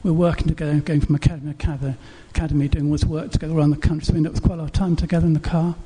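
High, husky-voiced preacher man. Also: flat delivery, very fast, dark tone. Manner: repetitive rhetorical questions, earnest preaching. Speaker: pastor. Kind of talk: sermon.

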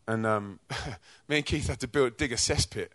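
Lively British man telling a sermon story. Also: medium pitch, moderate pace, no echo. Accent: British English. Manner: energetic, chatty storyteller who acts out quotes. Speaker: speaker at a youth church event. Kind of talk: testimony-style preaching with stories.

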